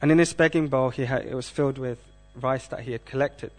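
Guy teaching a scripture class, even mid-pitched voice, slow and measured, quizzes the room. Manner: measured, asks the audience questions. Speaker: class speaker.

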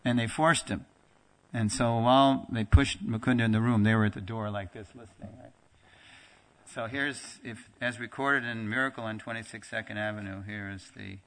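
A man teaching a religious class, telling a story in a lively conversational way and acting out the dialogue. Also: lowish voice, creaky. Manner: animated storyteller, acts out quoted dialogue; conversational with fillers and restarts, laughs now and then. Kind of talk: storytelling lecture.

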